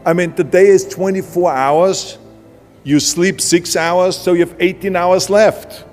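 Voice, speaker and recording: The motivational speaker's voice is high, with a steady tone and measured pace, and he speaks with an Austrian accent in a blunt, punchy style. A long hall reverb colors the recording, with background music beneath.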